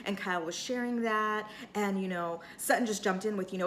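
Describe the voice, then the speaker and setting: A woman's voice: medium pitch, a little fast, few pauses, bright, forceful tone. A woman giving a casual, chatty recap of a reality show, full of "like" and "you know", and acting out what the cast said. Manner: chatty, lots of "like" and "you know", acts out cast members' lines. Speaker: recap host.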